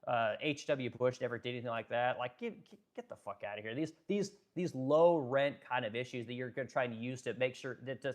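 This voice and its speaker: Man, live-stream rant, rapid speech, mid-pitched, cursing freely, blunt, rambling. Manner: blunt, profane, rambling with repeated restarts. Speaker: live streamer and furniture business owner. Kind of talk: casual live-stream rant, reading chat comments.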